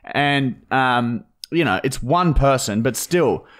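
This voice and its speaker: Sweary podcast co-host. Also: male voice, medium pitch, animated, takes it slowly, a bit bright. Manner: sweary, mocking, rants at a listener. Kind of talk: crude comedic podcast banter.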